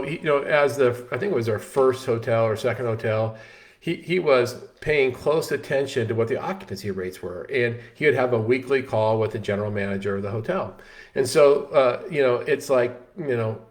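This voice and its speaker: Man telling a story. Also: medium pitch. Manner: animated storyteller, frequent restarts and "you know" fillers. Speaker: host. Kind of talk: casual storytelling talk.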